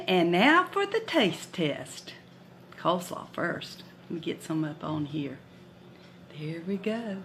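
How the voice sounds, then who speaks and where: Woman, home cooking vlog, folksy, chatty, slow and easy pace. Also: on the low side, very animated, a bit bright, a little hiss or hum. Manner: folksy and chatty, hums while tasting. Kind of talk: casual cooking demo. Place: home kitchen.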